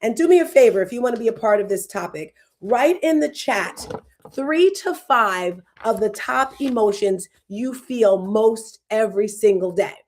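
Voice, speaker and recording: A woman's voice: on the high side, animated, normal speed. Chatty woman hosting a live show. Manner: chatty, conversational, addresses the audience and chat. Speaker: host. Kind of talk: live online talk show.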